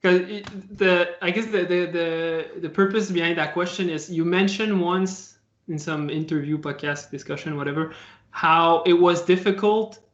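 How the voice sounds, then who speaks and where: A man's voice: high-pitched, steady tone, moderate pace. A man interviewing as a performance coach, asking questions hesitantly with many small restarts. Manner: soft backchannel, hesitant question phrasing. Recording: echoey, muffled room sound.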